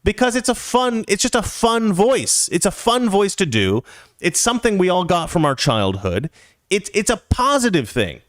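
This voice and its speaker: Man doing a cheerful cartoon mouse, exaggerated bouncy accent, pitched up, lively. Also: normal speed, no room sound. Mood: playful.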